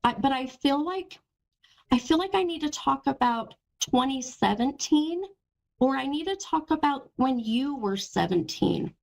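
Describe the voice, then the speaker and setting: A woman hosting a live call-in psychic reading, talking gently and reassuringly to a caller and calling her hun and sweetheart. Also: high voice, expressive, a little slow, creaky, poor audio. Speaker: psychic medium host.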